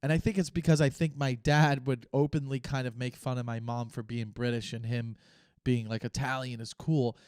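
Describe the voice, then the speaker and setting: A young man hosting his own podcast, thinking aloud in a rambling, unscripted way with pauses and restarts. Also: mid-range voice, fairly even intonation, a little mellow, smooth, no echo, studio quality. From United States. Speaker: podcast host. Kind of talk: casual solo podcast talk.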